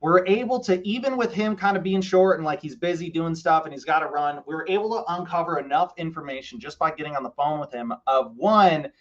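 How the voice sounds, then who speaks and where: A man hosting a live real estate show, talking a seller through a deal and then coaching viewers in an energetic, explanatory way. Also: a little high, fairly quick, hardly any pauses, dull audio. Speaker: real estate investor host. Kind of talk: live stream phone call and coaching.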